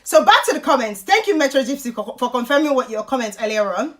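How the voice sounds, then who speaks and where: A young adult woman with a Nigerian accent, chatting on a live stream as she reads out viewer comments, animated and slipping into pidgin. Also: sits high, fast. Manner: animated, chatty, slips into pidgin and laughs often. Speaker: YouTube host and life coach.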